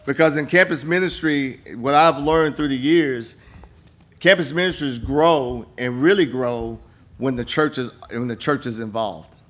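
Older man preaching, slightly high voice. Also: fairly bright tone. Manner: folksy storytelling with many repeated restarts. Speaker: campus minister. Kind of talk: church appeal and testimony. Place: church sanctuary.

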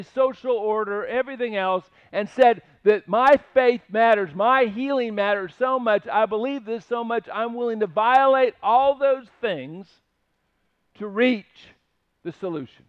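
A man's voice: high-pitched, clean tone, dry recording, dull audio. A man preaching a conversational sermon, earnest and emphatic as he retells stories. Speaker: pastor.

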